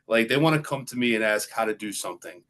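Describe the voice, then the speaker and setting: A man's voice: mid-range voice, lively intonation, quick pace, fairly bright tone. A middle-aged man, a golf coach and guest, explaining in an easygoing way and often adding "you know" and "right". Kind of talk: casual interview talk.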